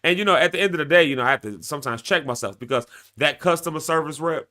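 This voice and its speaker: A man's voice: a little high, fast talker. A man in his thirties hosting a live-stream show, chatting casually with viewers, laughing often. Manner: animated, laughing, talks straight to viewers.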